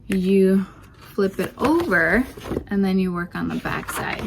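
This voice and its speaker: Young mom chatting about homeschool books, lots of ums, kinda breathless, faint hiss behind her. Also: medium pitch. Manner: chatty, many fillers and restarts. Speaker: homeschooling mom channel host. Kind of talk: casual curriculum review.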